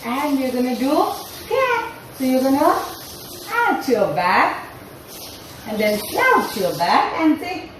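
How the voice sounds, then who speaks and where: A woman's voice: sits high, big pitch swings, slow pace, pauses often, fairly bright tone, distant mic, slight background noise. A woman yoga trainer leading a playful class for parents and children, asking the class questions in a sing-song, storytelling way. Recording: very echoey room with faint ambience.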